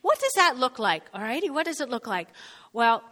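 Lively woman pastor preaching in a hall. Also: sits high, a little fast. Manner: lively, conversational preaching with call-and-response. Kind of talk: sermon. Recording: long reverb of a large hall.

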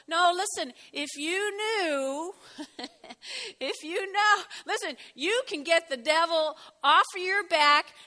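A woman pastor preaching a lively sermon, chatty and animated, joking and laughing with her congregation. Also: very high-pitched. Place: church hall. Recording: long hall reverb. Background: congregation shouting out.

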